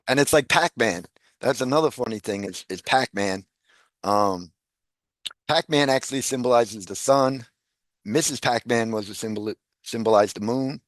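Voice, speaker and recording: A man's voice: medium pitch, moderate pace, no echo. Laughing man in casual chat, dry sound. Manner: animated, laughs often, repeats words. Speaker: guest.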